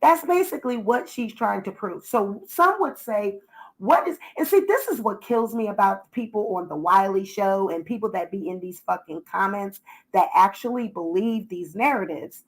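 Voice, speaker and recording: A woman's voice: mid-range voice, animated, normal speed, poor audio. A woman vlogger ranting indignantly through a profane commentary full of rhetorical questions.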